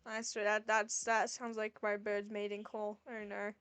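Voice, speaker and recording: A woman streamer reading a dating game aloud and reacting with animated, exasperated asides. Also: medium pitch, a little slow, clean tone, faint music behind.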